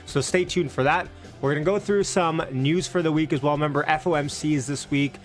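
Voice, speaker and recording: A man's voice: a little high, steady tone, fairly quick, soft background music. A man hosting a casual stock market livestream, upbeat and chatty, greeting viewers from the chat with loose restarts.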